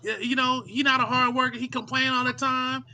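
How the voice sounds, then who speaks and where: A man's voice: extremely high pitch, little pitch movement, brisk, bright, forceful tone. A man chatting on a live podcast stream, rambling and repeating himself as he tells stories. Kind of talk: casual live-stream banter.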